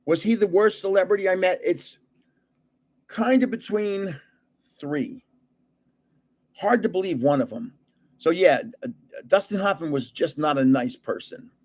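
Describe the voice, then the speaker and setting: A man's voice: sits high, lively intonation, a little slow, long pauses, darkish tone. An older man, a card channel host, tells rambling celebrity stories in casual chat and laughs often. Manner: chuckling, rambling anecdotes.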